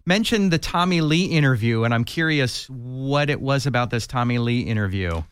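A man interviewing a guest, asking short curious questions in a measured way. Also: medium pitch, animated, smooth, no echo. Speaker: interviewer, podcast host.

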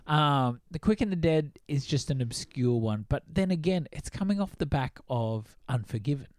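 A man's voice: on the high side, lively intonation, moderate pace, a little mellow, no echo. Male podcast host, casual film talk, hesitant musing delivery, dry mic.

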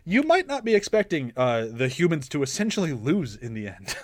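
A man, chatting casually about a TV series as podcast co-host, relaxed and agreeable and laughing often. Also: a little high, normal speed, no echo, studio quality.

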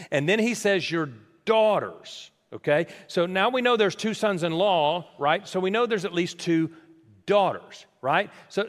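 A man preaching a sermon, animated and questioning his congregation, in a large church hall. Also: sits high. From United States. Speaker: pastor. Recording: long hall reverb.

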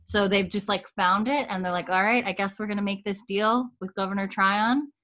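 A woman's voice: medium pitch, fairly even intonation, a little fast, a bit bright. Chatty woman recapping a show. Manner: retells scenes with quoted lines, chatty and giggly. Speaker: podcast co-host. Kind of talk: casual recap chat.

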